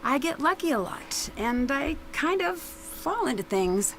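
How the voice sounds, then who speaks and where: A woman's voice: sits high, very animated, measured pace, a bit bright, faint music behind, exaggerated voice. An actress playing a composed young woman detective in a mystery game. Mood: calm. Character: young woman detective, calm and self-assured. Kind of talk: voiced game dialogue.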